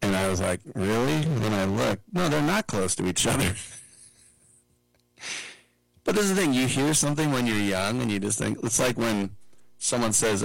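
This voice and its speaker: Gravelly-voiced man hosting sports talk. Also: fairly low pitch, animated, no echo, low-quality recording. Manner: chatty, digressive, mimics people in quick asides. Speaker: sports talk show host. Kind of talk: casual sports commentary monologue.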